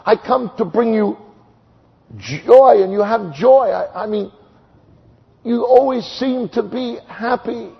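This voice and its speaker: A man preaching an evangelistic sermon, telling stories with sudden swings from loud high exclamations to hushed slow tones. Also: vocal fry, breathy edge. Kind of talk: sermon with storytelling. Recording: long hall reverb, dull lo-fi sound.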